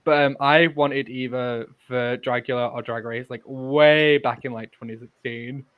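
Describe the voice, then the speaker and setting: Male podcast co-host, chatty and playful in casual talk, mid-pitched. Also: fairly even intonation, smooth, narrow, tinny audio. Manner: chatty, playful, quick to correct others. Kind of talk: casual chat.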